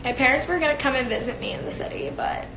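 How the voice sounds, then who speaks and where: This beauty influencer, a young woman, speaks in a high-pitched, sing-song voice at a quick pace, and the clip is very noisy. She's on a phone live stream, chatting casually, giggling, and using plenty of fillers in an echoey room with faint ambience.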